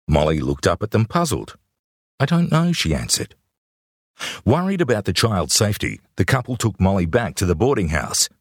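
A man's voice: low voice, dry recording, clean studio sound. A man reading his own memoir aloud in a wry, conversational storytelling manner. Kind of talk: audiobook memoir narration.

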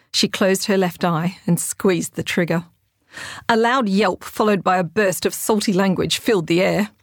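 A woman, the author, narrating her children's adventure book in a clear, steady manner. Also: lowish voice, no room sound, clean studio sound. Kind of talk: audiobook narration.

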